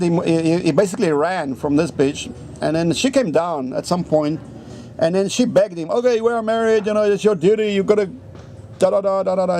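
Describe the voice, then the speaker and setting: A man's voice: on the high side, dark tone, a little hiss or hum. A man telling a rambling anecdote in a casual vlog, swearing constantly. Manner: rambling, profane, heavy swearing. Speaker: vlogger. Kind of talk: casual storytelling rant.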